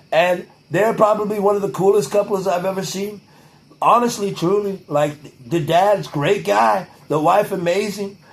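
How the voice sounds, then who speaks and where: Young male vlogger, high-pitched, casual and profane, leans on a pompous repeated "truly". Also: rough recording. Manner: profane, repeats "truly", drifts into a mock-presidential cadence. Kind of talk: rambling casual monologue to camera.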